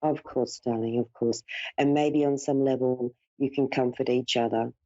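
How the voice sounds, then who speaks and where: A woman's voice: very deep voice, fairly even intonation, normal speed, warm tone, no echo. A woman giving a live psychic reading, speaking in a soothing, reassuring way and calling her caller dear and darling. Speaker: psychic medium host. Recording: dull lo-fi broadcast audio.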